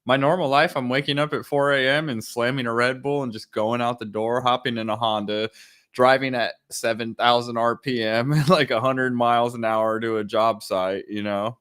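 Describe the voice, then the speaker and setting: A young man hosting a podcast, telling stories in a rambling, profane, animated way. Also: mid-range voice, normal speed, clean tone. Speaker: podcast host. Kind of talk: casual chat.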